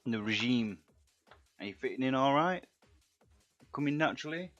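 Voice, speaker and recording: A middle-aged man with a rough Yorkshire accent, chatting and bantering with viewers while he paints miniatures on a live stream. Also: medium pitch, animated, normal speed, a bit bright. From England. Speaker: live-stream hobby host. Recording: dull lo-fi stream audio, faint music.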